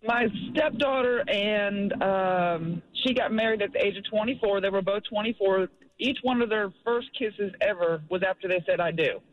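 A woman's voice: medium pitch, normal speed. A woman calling into a radio show, telling a story in a matter-of-fact way. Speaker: caller. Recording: phone line.

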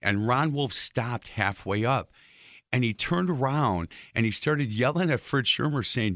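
A man hosting an interview, telling a lively story with stammered restarts. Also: medium pitch, a little slow, dry recording, clean studio sound. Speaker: host.

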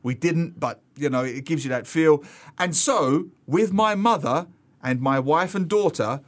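A man who is a regular contributor, columnist and author, telling humorous travel anecdotes in a lively way on a radio show. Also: fairly high pitch, unhurried.

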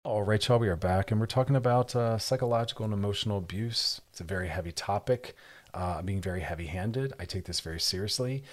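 A man's voice: on the low side, quick pace. A man hosting a radio advice show as a therapist, speaking earnestly and emphatically, often repeating words for stress. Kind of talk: advice talk show monologue.

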